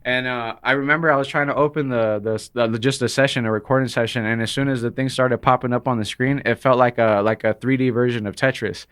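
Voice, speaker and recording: A man telling a long story in casual podcast chat, animated and acting out the people he quotes. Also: medium pitch, fast talker, few pauses, smooth. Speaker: podcast guest, rapper.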